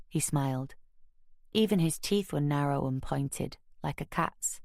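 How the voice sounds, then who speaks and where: A woman narrating a crime audiobook in the first person, measured and wry, recorded close on a studio mic. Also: sits low, gravelly, darkish tone, no echo.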